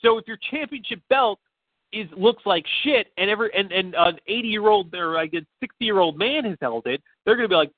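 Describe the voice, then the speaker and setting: A man co-hosting a podcast rambles casually, peppering his talk with fillers and profanity. His voice is high, expressive and fairly quick. The line sounds tinny and phone-like, completely dry with no room sound.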